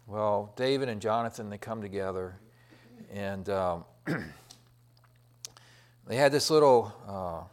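A man's voice: lowish voice, slow pace, pauses often, a little mellow. A middle-aged man preaching a sermon, retelling a Bible story in a folksy, rambling way with many fillers and restarts.

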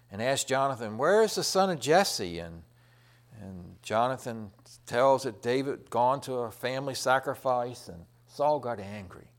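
Folksy rambling male preacher. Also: medium pitch. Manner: folksy, rambling retelling with many fillers and restarts. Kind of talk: sermon.

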